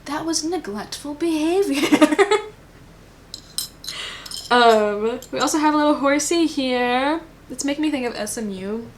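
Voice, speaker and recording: Woman, tarot reader, casual pick-a-card reading, rambling, filler-heavy, fairly high voice. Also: lively intonation, slow pace, pauses often, a little hiss or hum.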